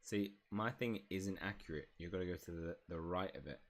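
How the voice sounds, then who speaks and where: A man gives let's-play commentary on a game, and his voice sits very low. He rambles and jokes as he plays. The talk stays loose and chatty. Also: brisk. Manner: jokey, rambling asides while playing. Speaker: gaming YouTuber.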